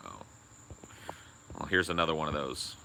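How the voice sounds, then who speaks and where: A man co-hosting a podcast, talking in a profane, rambling casual way with loud laughs. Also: very deep voice, normal speed, vocal fry, a little hiss or hum. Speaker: podcast co-host. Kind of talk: casual chat.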